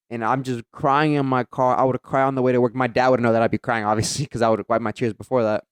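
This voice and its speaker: Young male podcast co-host, earnest animated storyteller, smooth voice, dry sound. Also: mid-range voice, fast, hardly any pauses, no echo. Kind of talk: casual chat.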